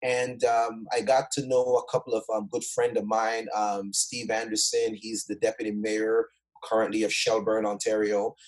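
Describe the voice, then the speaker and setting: A man's voice: fairly low pitch, flat delivery, normal speed, low-quality recording. A man from Jamaica, a guest speaker, tells his life story in a conversation with energy and emphasis, often checking in with the listener.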